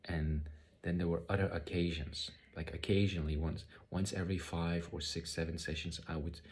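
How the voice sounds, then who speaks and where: A man telling a personal spiritual story in a halting way, often repeating words and using many fillers. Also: low-pitched, flat delivery, darkish tone. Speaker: spiritual vlogger. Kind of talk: personal testimony monologue.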